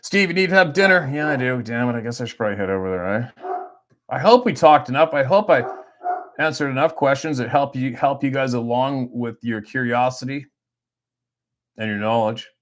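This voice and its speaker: Speaking at normal speed in a mid-range voice, this middle-aged man from Canada, a hunting guide and livestream host, talks casually and off the cuff, rambling, blunt, and freely profane.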